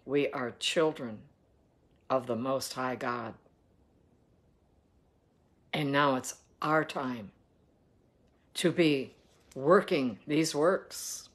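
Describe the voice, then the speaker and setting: A woman with a very deep voice reads the Bible aloud extremely slowly, pausing often, and adds earnest devotional commentary exhorting listeners to act.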